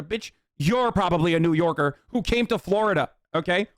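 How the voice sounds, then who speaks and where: A man's voice: sits high, expressive, brisk, few pauses, dry recording, clean studio sound. A man casually riffing as a streamer, reacting to posts with mocking, profane commentary.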